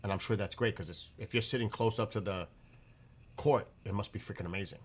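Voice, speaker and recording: A man's voice: lowish voice, a little fast. A middle-aged man from the northeastern US telling rambling, profane stories in a casual monologue. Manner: rambling, profane, animated retelling.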